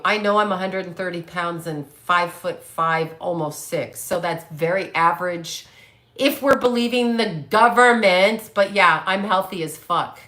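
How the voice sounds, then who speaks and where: Her mid-range voice comes out pushed and bright as she chats on her livestream. This woman in her late fifties, a psychic medium, reads comments from viewers and talks back to them bluntly, swearing freely.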